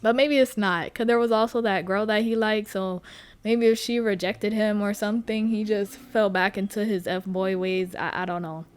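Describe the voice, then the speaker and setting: A woman's voice: mid-range voice, fairly even intonation, normal speed, clean tone. A young adult woman hosting her own podcast, rambling frankly and cursing as she tells stories about people she knows. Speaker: podcast host. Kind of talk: casual solo chat.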